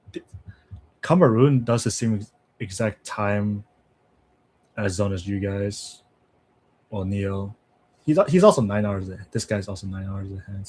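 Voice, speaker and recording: A man's voice: lowish voice, a little mellow, slightly rough. A man chatting casually with viewers on a livestream, thinking aloud, laughing often and trailing off into asides. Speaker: language-learning streamer.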